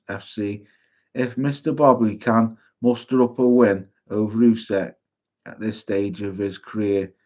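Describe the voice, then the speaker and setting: A man hosting a casual boxing chat stream, sweary and quick to laugh while reading out viewer comments. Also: medium pitch. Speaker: boxing livestream host.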